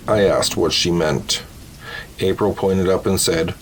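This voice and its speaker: A man narrating short horror stories in a slow, measured storytelling voice. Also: sits low, fairly even intonation, a little hiss or hum, rough recording.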